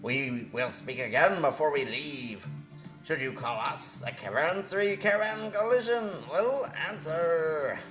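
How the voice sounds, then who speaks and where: A man voicing a small, scheming weasel-like alien merchant in a slow, drawn-out, sing-song way. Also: fairly high pitch, bright, forceful tone. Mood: grandly welcoming. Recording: roomy echo with faint music.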